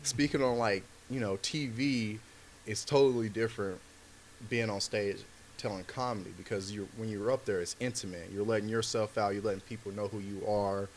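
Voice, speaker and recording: A man's voice: fairly low pitch, steady tone, moderate pace, a little hiss or hum. A man, a comedian guest on a podcast, telling a story in loose, slangy talk full of filler words. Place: podcast studio.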